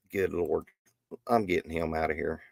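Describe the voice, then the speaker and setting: A man's voice: rumbling low, vocal fry, dry recording, studio quality. A middle-aged man hosting a live stream, talking in a rambling, folksy way with many restarts. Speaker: livestream host. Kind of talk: casual live stream talk.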